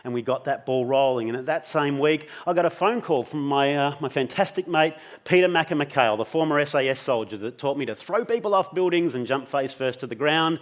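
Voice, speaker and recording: A man's voice: a little high, expressive, brisk, few pauses. A middle-aged Australian man giving a personal storytelling talk on stage, intense and emotional, swearing freely. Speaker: keynote speaker.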